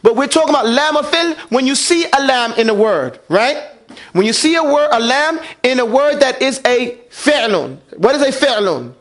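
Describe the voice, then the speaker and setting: High-voiced man teaching a class. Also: animated, normal speed, a bit bright. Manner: asks the class questions and drills them to repeat. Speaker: Quran recitation teacher. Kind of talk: classroom lesson.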